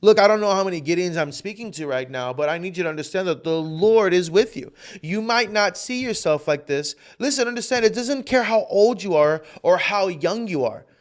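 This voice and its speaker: Fervent high-voiced male preacher. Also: animated, fairly quick, hardly any pauses. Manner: fervent preaching that builds in intensity; repeats phrases for emphasis. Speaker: pastor. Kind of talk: livestreamed sermon.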